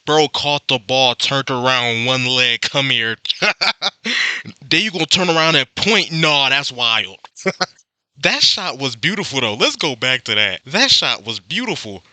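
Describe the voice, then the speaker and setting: A young man hosting a reaction video, talking in an excitable, slangy way and laughing often. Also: mid-range voice, measured pace, no echo. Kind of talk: casual reaction commentary.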